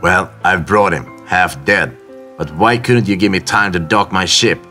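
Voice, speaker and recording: A gruff, hurried sea captain grumbles quickly, as a male narrator puts him on. The voice is deep but bright, with soft music behind.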